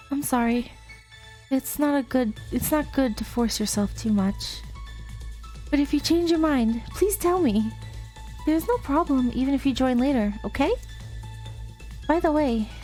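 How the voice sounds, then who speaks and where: A woman's voice: sits high, mellow, pitched above the performer's own voice. A woman reading aloud the lines of a friendly, caring teenage schoolgirl from a game. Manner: read aloud from on-screen game text.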